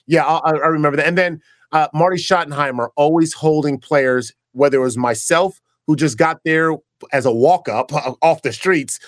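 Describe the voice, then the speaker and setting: A man with a slightly high voice tells stories in a casual interview, acting out the lines of the people he quotes and restarting his sentences. He is a former pro football player turned broadcaster. His voice sounds dry and close. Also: no echo. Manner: animated storyteller who acts out quoted dialogue, with frequent restarts.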